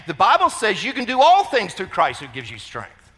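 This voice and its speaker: A man preaching a sermon as pastor, animated and conversational, bursting into shouts when he quotes the cries he is telling about. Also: sits high, moderate pace. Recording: long reverb of a large hall.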